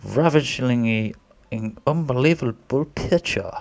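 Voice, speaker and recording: A man's voice: medium pitch, lively intonation, unhurried, creaky. A man narrating a drawing tutorial as a voice-over in a put-on posh British accent, rambling and a bit self-conscious, as if winging it.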